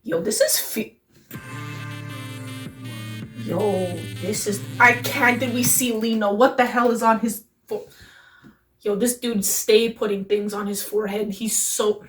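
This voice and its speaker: A young woman hosting a reaction video, gushing in excitable, slangy exclamations as she reacts. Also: medium pitch, unhurried, pauses often. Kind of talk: excited casual reaction commentary. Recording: distant mic with music playing behind.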